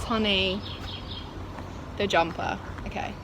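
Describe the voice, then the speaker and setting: A young vlogger with a fairly high, fairly bright voice chats at normal speed to a shaky handheld camera around her home and garden. Her talk is exclamatory and self-mocking, with a little hiss or hum in the recording.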